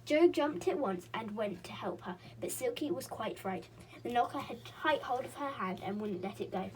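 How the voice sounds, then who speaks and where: A woman reading a children's storybook aloud in an expressive way, with a few slips and restarts. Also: mid-range voice, normal speed, slight background noise.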